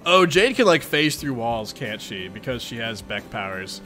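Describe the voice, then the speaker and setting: A young man reading a webcomic aloud and chatting through his reactions in an excitable, rambling way. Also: mid-range voice, normal speed, soft background music. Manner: excitable, chatty, lots of fillers. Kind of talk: casual reaction commentary.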